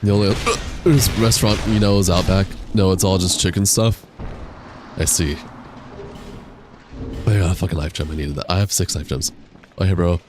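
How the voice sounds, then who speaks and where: Young streamer guy, low deep voice, hiccuping, loose slangy chat reading, loud game explosions behind. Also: moderate pace, pauses often. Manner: slangy, reads viewer chat aloud and answers it. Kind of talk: casual live-stream chat while gaming. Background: loud game noise, artillery fire.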